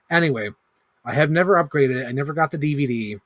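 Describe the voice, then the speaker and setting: A man in his thirties at a middle pitch, riffing loosely on a live stream as he ranks films. He rambles, swears freely and leans on "like" constantly. The sound is dry and close, with no room echo. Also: expressive, rapid-fire. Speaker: movie ranking streamer. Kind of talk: casual livestream commentary.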